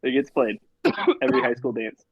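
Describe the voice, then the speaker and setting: A man's voice: medium pitch, fairly even intonation, brisk, gravelly, highs cut off, crowd noise. A man co-hosting a sports podcast, making dry, wry remarks. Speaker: podcast co-host. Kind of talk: casual sports chat.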